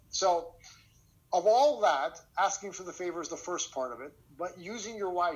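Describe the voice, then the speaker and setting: Male sales coach on a video call, slightly high voice, energetic storytelling delivery. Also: rough recording. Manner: energetic storytelling, frequent "okay?" check-ins. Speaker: sales trainer. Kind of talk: online training lesson.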